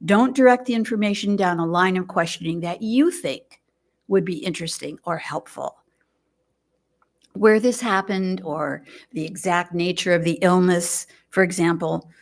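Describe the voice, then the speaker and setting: An older woman giving a gentle, reflective sermon at a fellowship service, speaking in measured phrases with pauses. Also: on the low side, animated. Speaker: lay speaker. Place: fellowship hall, indoors.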